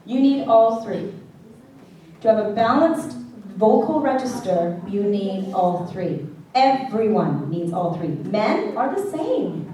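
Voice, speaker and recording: Her pitch sits in the middle but swings widely, and she takes her time while a crowd murmurs in the background. This woman coaches a worship singing class in a classroom or church hall, playfully chatting and singing brief examples of every point. She holds a handheld mic, and the far-off capture sounds echoey with faint noise behind it.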